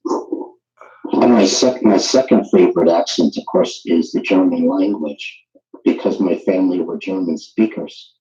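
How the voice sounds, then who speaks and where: Deep-voiced man on a dull, echoey line. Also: a little slow, dark tone. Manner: rambling and repetitive, asking the same question again. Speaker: caller on the stream. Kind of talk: casual chat. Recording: muffled echoey line with faint music.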